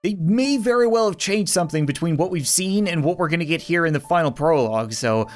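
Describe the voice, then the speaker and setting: A man's voice: on the high side, expressive, brisk. A man giving sarcastic, jokey commentary while playing a video game. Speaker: gaming YouTuber. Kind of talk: let's play commentary.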